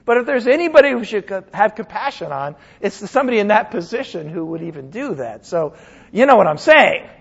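A male pastor preaching with a high, lively voice. He talks to the congregation casually, full of asides and quick check-ins. The recording sounds dull and lo-fi. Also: creaky, husky. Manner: animated, conversational preaching with frequent asides. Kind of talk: sermon.

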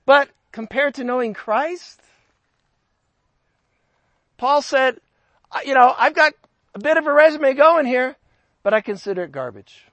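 A man's voice: extremely high pitch, animated, a little slow, long pauses, fairly bright tone, dry recording. A man preaching a sermon, chatting in a conversational way and lifting his voice for emphasis when he reads scripture. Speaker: pastor.

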